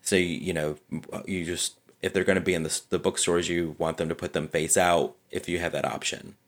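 A man co-hosting a podcast, calmly explaining book cover design in an easygoing way, with many "you know"s and restarts. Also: low voice, fairly quick. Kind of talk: casual explanatory chat.

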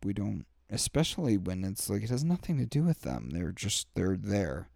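A young man hosts a candid solo podcast, rambling through a profane, heartfelt rant packed with fillers. His voice is fairly low and sing-song, with vocal fry and a darkish tone, moving at a moderate pace. The recording is dry and clean, with studio sound.

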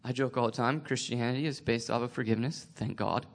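A man sharing a personal faith testimony, emotional and tearful, halting with many restarts. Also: medium pitch, steady tone.

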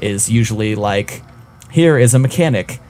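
A man's voice: on the low side, expressive, moderate pace, darkish tone. A man co-hosting a casual podcast about games, talking in a rambling, hesitant way with lots of fillers. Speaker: podcast co-host.

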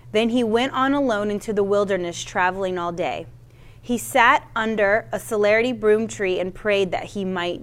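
Brief: woman preacher, reads scripture aloud then teaches, casual asides, trips on old names. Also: medium pitch. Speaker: Bible teacher. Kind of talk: sermon with Bible reading.

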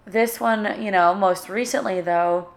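A young woman hosts her own podcast, speaking alone at a middle pitch. She talks in an emotional, halting way, often stopping to search for the right words. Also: steady tone. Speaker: podcast host. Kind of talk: solo podcast talk.

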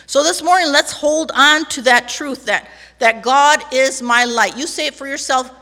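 A woman's voice: high-pitched, normal speed, sharp tone. A woman pastor preaching a sermon in a church sanctuary, emphatic, leading the congregation in call-and-response. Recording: long church hall reverb.

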